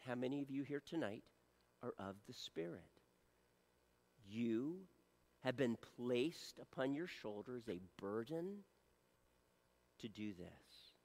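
A man preaching a sermon to his church. He shifts from loud appeals to soft, hushed lines. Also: mid-range voice, big-room sound. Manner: earnest preaching, swings from loud appeals to soft near-whispers. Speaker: pastor.

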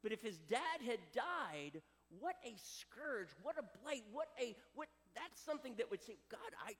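A man preaches a sermon with a high, lively voice that swoops up and down. He delivers it with dramatic flair in a hall with a long echo. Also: normal speed. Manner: animated, dramatic preaching with acted quotes. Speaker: pastor.

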